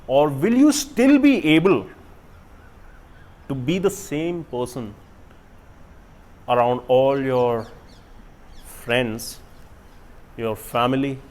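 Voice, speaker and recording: A young man giving a casual motivational talk to camera, asking rhetorical questions and swinging from loud bursts to quiet asides. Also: medium pitch, animated, slow, long pauses. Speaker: self-help YouTuber.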